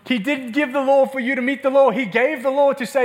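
A man's voice: very high-pitched, fairly even intonation, a little fast. A male pastor preaching an impassioned, emphatic sermon in a church meeting room, repeating words for force.

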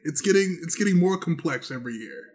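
A man co-hosting a casual comedy podcast, wry and laid-back, with a husky voice. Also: a little high, animated, quick pace, a little mellow.

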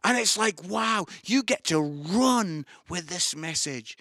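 Brief: male pastor, high-set voice, bright and forceful, enthusiastic sermon delivery. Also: slow pace, dry recording, clean studio sound. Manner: enthusiastic, swings between excited outbursts and soft pleading. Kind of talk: sermon to an online audience.

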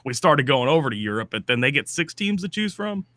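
A man on a sports podcast, animated and incredulous as he reacts. His pitch swings widely, and his voice sounds bright. The room sound is dry and close. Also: brisk, dry recording. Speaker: podcast co-host. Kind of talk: casual sports chat.

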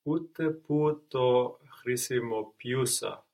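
A man works through spoken drills as a student in a language lesson. He speaks very slowly, giving short, tentative answers. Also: mid-range voice, darkish tone.

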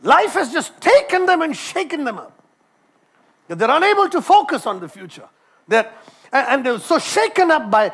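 A man's voice: high voice, very animated, normal speed, gravelly, a bit bright, husky. A man who is a doctor preaches a sermon, telling a personal story and often repeating words and restarting phrases.

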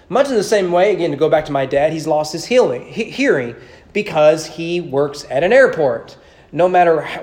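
Guy preaching in church, high voice, bounces all over the place, lots of "right?" questions. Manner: animated preaching with rhetorical questions and repeated words. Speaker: pastor. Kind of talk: sermon. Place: church sanctuary.

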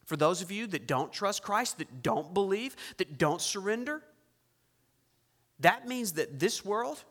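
A male pastor preaching a sermon, shifting from loud emphatic lines to hushed, intense ones. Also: sits high, sing-song, normal speed. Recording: long reverb in a large hall.

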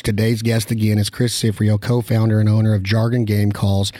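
Guy hosting a hunting podcast, low mellow voice, dry close sound, jokey banter. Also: little pitch movement, no room sound. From Nevada. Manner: joking, teasing, rapid banter. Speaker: podcast host. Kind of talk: casual podcast chat and sponsor reads.

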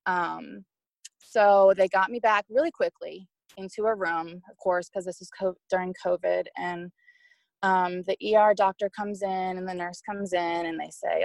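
Young woman, podcast guest, slightly low with a gravelly edge, recounts her experience openly. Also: normal speed, no echo. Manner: candid, emotional retelling with quoted speech. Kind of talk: personal storytelling.

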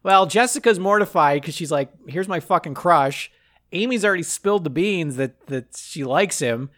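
A man's voice: a little high, lively intonation, moderate pace, fairly bright tone. A man co-hosting a comedy podcast, casually recapping a movie and riffing with jokes. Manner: jokey, riffs with silly voices for characters.

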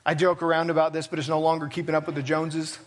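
A man's voice: fairly high pitch, flat delivery, fast. A man preaching a sermon as pastor, talking plainly and conversationally with self-deprecating asides. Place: church sanctuary.

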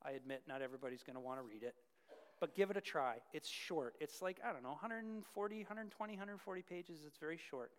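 A man's voice: fairly high pitch, lively intonation, fast talker. A male preacher giving an emphatic sermon that builds to fervent peaks, with casual asides to the congregation. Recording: long reverb of a large hall.

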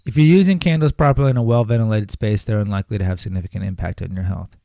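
A man's voice: on the low side, rapid-fire, creaky, dark tone, dry recording, studio quality. A man hosting a podcast, reading material aloud and breaking off into rambling, sarcastic asides. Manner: rambling, sarcastic asides, reads then riffs. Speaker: podcast host. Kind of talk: casual commentary on health topics.

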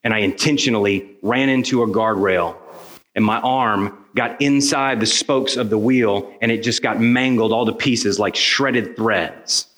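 A man's voice: fairly low pitch, measured pace, a bit bright. A man voicing a troubled middle-aged man who sounds blunt, despairing and full of self-loathing.

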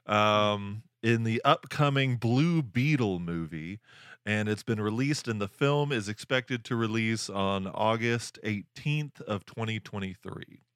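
A man hosts a casual podcast in an easy, unhurried drawl. His voice is smooth and clean, and the recording sounds close and dry. He jokes around and wanders with fillers between points. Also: fairly low pitch, fairly bright tone, dry recording. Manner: jokey, rambling with fillers. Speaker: podcast host.

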